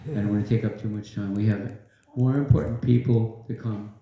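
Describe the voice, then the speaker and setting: An older man gives a devotional talk to a live audience in a large hall, speaking a little fast in a fairly low voice. He's a humorous, lively storyteller who leads call-and-response, and the recording is very echoey and dull.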